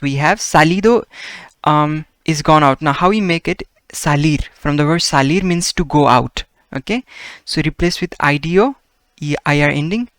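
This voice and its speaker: Male tutor, pitched a little high, steady patient explainer, recorded dry and close. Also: clean tone, no echo. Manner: patient, repeats "okay?" and "right?" checks. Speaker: Spanish teacher. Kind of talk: explaining grammar lesson.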